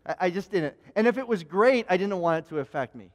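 High-voiced preacher in a reverberant hall. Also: male voice, quick pace. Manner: animated storyteller with frequent restarts and stammers. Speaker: pastor. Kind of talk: sermon storytelling.

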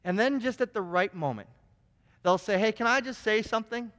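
A man preaching a sermon, telling stories in an animated way with frequent restarts. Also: sits high. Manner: storytelling, animated, many restarts. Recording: long hall reverb.

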